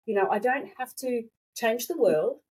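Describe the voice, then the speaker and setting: A woman coaching on intuition in a conversational interview, talking lively and acting out her own quoted thoughts, with a slightly dry throat. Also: fairly high pitch, normal speed, slightly rough. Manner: animated, acts out quoted thoughts, restarts often.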